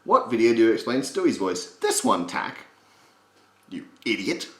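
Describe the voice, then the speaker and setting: A man with a slight gravel in his voice, giving a casual, jokey voice impression tutorial and swearing freely. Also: medium pitch, big pitch swings, a little fast, fairly bright tone. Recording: roomy echo.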